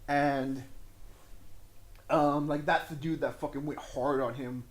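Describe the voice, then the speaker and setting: A young man in casual podcast talk, excitedly and profanely retelling movie scenes and acting out the characters' lines. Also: fairly high pitch, takes it slowly. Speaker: podcast co-host. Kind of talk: casual movie review chat.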